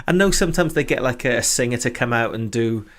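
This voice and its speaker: A man's voice: medium pitch, fast, fairly bright tone. A man from Britain hosting a casual online launch chat over a video call, reading out viewer comments and laughing often. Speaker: host.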